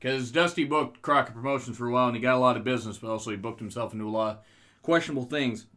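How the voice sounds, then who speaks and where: Podcast co-host, male, loose and profane, laughs easily, mid pitch. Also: racing, fairly bright tone. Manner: loose, profane, laughs at his own jokes. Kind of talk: casual wrestling chat.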